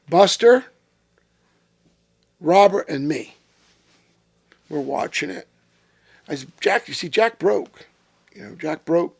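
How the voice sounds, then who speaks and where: Interview guest: a man with a raspy, fairly high voice, salty and lively, acting out quotes as he tells the story, close dry sound. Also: dry recording. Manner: profane, animated storyteller who acts out quotes.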